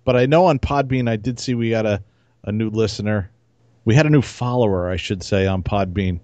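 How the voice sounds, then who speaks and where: 一位男性播客联合主持人，随意闲聊，说话轻松，爱开玩笑调侃。. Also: male voice, lowish voice, fairly quick, darkish tone, dry recording. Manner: joking, teasing, laid-back. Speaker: podcast co-host. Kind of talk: casual chat.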